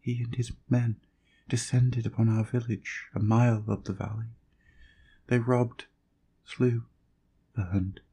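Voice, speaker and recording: A man's voice: mid-range voice, flat delivery, takes it slowly, pauses often, mellow, husky, voice pushed up, heavily acted. A man voicing a terrified young village girl, gasping and faint, in an audiobook reading. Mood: dying, gasping.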